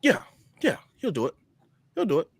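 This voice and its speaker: A man chatting about wrestling, halting and repeating phrases when he gets going. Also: high-pitched, gravelly, breathy edge, dry recording, clean studio sound. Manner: halting, repeats himself, excitable. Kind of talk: casual wrestling review chat.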